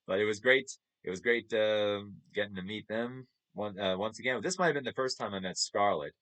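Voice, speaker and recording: A man's voice: lowish voice, a little fast, a bit bright. Chuckling New man. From New York. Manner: chatty, chuckles often, upbeat. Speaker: streamer. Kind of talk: casual chat over photos.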